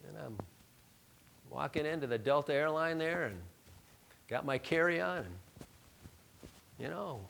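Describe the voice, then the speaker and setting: A man preaching a sermon, telling a personal story in a conversational, joking way, dropping to soft murmurs and rising to loud emphatic lines. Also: on the high side, expressive, unhurried, vocal fry, long pauses, slight background noise. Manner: conversational, self-deprecating, jokey asides. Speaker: pastor.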